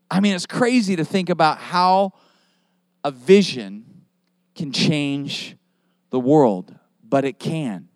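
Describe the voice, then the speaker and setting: High-voiced emphatic male pastor preaching. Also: no echo. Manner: emphatic preaching with rhetorical questions. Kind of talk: sermon.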